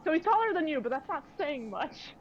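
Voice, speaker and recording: A woman's voice: sits high, big pitch swings, fairly quick, a little hiss or hum. A young woman narrating a tabletop game as game master, rambling with many fillers. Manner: rambling, filler-heavy, laughing often. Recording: dull lo-fi audio.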